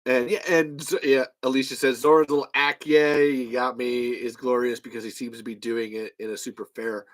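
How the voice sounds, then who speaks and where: A man hosting a fan podcast, telling stories in a lively, casual way, acting out conversations, laughing and swearing often. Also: medium pitch, moderate pace. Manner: animated storytelling, acts out quoted exchanges, laughs often, swears casually. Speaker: podcast host. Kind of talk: casual livestream chat.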